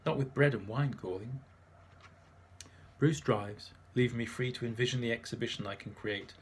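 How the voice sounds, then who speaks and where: A man's voice: mid-range voice, fairly even intonation, normal speed. Wry man reading a memoir. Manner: dry, wry humour. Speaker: narrator. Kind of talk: audiobook memoir narration.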